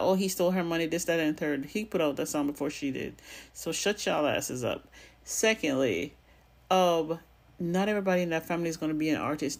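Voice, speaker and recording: A woman talks straight into her vlog with a husky, breathy voice and a noticeable accent of her own. She gives her commentary bluntly and with sass. She swears freely as she talks. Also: low-pitched. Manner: blunt, sassy and profane; has a non-standard accent of her own. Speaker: gossip commentary vlogger. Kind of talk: casual commentary.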